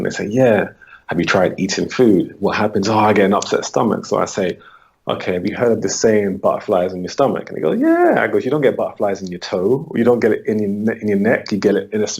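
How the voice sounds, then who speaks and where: A man's fairly low, creaky voice has a darkish tone and a breathy edge. In this interview about his holistic coaching, he explains his approach in brisk, patient conversation and reenacts talks with clients.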